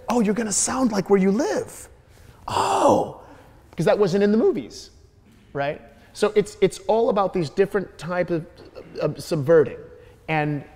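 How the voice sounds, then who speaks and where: A man from Detroit tells stories onstage at a Q&A. His voice sits a bit high and his delivery is lively, full of repeats as he builds toward a punchline. The sound carries the long echo of an auditorium. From Detroit, USA. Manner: lively, repeats words while building up jokes. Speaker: guest comedian in a Q&A. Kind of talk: animated onstage storytelling.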